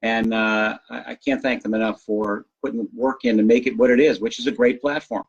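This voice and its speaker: Easygoing male guest, raspy and a touch high, lo-fi. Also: little pitch movement, fairly quick. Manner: easygoing, enthusiastic. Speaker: guest filmmaker. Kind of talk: casual chat.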